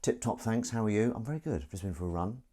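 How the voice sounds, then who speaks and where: A man's voice: on the low side, quick pace, dark tone. A man hosting a casual solo livestream, rambling and self-mocking while he sets up and greets viewers. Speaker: livestream host.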